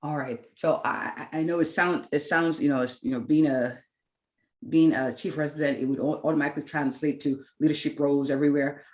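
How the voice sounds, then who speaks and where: A woman's voice: sits low, fairly even intonation, fairly quick, darkish tone, reverberant. A woman in her thirties, a physician and clinic founder, tells her story with candid earnestness in an interview and acts out her own past thoughts. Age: 30s.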